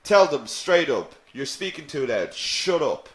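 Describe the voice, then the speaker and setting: Slow, patient male English teacher. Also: a little high, very animated. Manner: slow, patient, repeats phrases, answers viewers' questions. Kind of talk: live online English lesson. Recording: echoey room.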